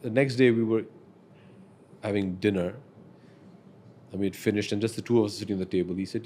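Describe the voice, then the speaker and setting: Podcast guest, forties, deep-leaning voice, sincere and animated storyteller. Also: male voice, a little fast, long pauses, a little hiss or hum. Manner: earnest, reflective, animated when telling stories.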